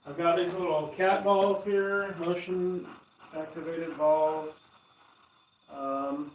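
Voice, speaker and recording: A man's voice: fairly high pitch, fairly even intonation, takes it slowly. A man investigating a house for ghosts, calling out questions to spirits in a coaxing, puzzled way. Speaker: paranormal investigator. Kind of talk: ghost-hunting vlog, addressing spirits. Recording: roomy echo, distant mic, loud insect noise. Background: crickets and insects chirping.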